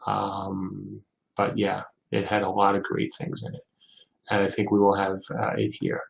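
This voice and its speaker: Older male studio head for a livestream Q&A, gravelly voice, reads viewer questions aloud and rambles through anecdotes, recorded in an echoey room. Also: lowish voice, monotone, unhurried. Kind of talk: casual livestream Q&A. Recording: roomy echo.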